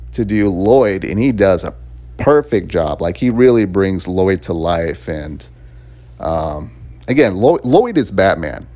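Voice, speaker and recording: A man with a deep, low-pitched voice talks through a game review in a loose, chatty way. He rambles, circles back on his points and laughs between thoughts. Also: dark tone. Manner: rambling and chatty, laughs often, fillers and restarts. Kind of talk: casual spoken game review.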